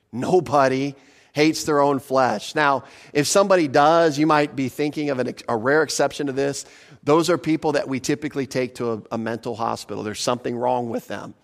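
A male pastor preaching a sermon in a conversational way, asking his listeners questions and slowing down to stress scripture. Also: mid-range voice. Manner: slows for emphasis on scripture.

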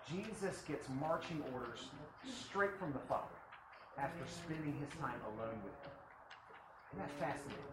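Animated preacher man. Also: a little high, normal speed, a little hiss or hum, low-quality recording. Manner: animated, swings from loud preaching to hushed asides; repeats phrases for emphasis. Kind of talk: sermon.

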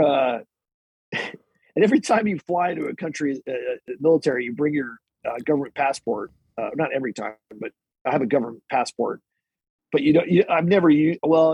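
A man's voice: mid-range voice, creaky, a little mellow, breathy edge, poor audio. A man, a military service member, casually telling a long rambling anecdote as a podcast guest, with restarts and asides, laughing at his own story. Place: podcast recording.

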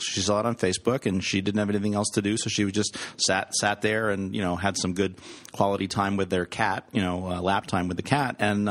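A man co-hosting a podcast in easygoing casual chat, laughing easily. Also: on the low side. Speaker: podcast co-host.

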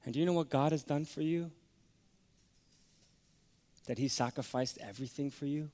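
A man preaching a sermon, telling a personal story that swings from hushed to loud. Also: a little high, moderate pace. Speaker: pastor. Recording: long hall reverb.

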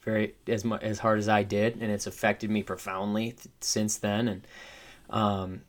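A man co-hosting a podcast, speaking in a measured, earnest way in casual chat. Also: fairly low pitch, level tone. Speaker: podcast co-host.

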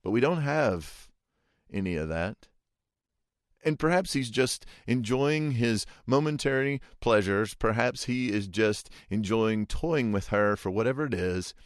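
A male preacher with a low voice retells a scripture story in a vivid, conversational way. The sound is dry and close, with no room echo. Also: animated, a little slow. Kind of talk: sermon storytelling.

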